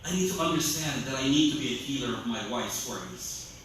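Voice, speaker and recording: A man preaching a sermon as an imam, animated, acting out scolding voices of other people. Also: medium pitch, brisk, recorded from a distance, a little hiss or hum. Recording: echoey hall, voice from off-mic.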